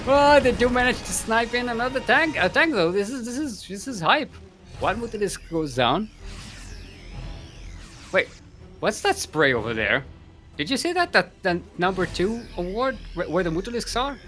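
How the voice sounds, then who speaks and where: Bright-voiced, animated male game caster. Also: sits high, moderate pace, soft background music. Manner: excitable, laughs often. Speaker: esports caster. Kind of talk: live game commentary.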